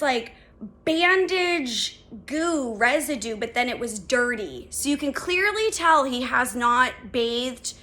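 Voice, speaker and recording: Bright-voiced woman telling a story. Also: high voice. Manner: animated, swearing, lots of "like" fillers. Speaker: podcast host. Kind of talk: casual storytelling.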